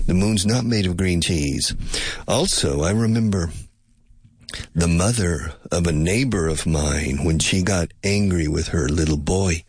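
An older American man talking slowly to his listeners as an English teacher, musing, repeating himself and dropping in Spanish glosses. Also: deep voice, breathy edge, no room sound, studio quality. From United States. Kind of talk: relaxed teaching monologue.

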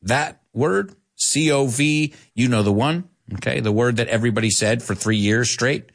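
During a live English lesson, a man with a mid-range voice and vocal fry reads viewer comments aloud at normal speed and corrects them with a laugh. He's animated and laughing, switching between English and Spanish to explain.

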